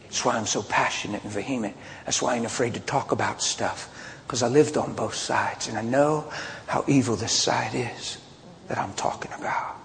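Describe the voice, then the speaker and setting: A man preaching a sermon, mixing loud outbursts with hushed personal confessions as he tells a story. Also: mid-range voice, normal speed, vocal fry, a little hiss or hum. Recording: long hall reverb, faint ambience.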